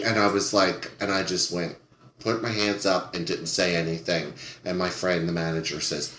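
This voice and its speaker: This man's voice sits low and moves at a normal speed as he tells a casual story on a podcast about a rude customer from his days as a server. He's animated, swears freely, and acts out the people involved. The room sounds echoey.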